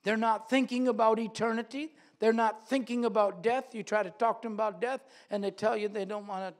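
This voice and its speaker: Male preacher, high-pitched, earnest sermon delivery with repeated phrases, church setting. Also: steady tone, a little fast.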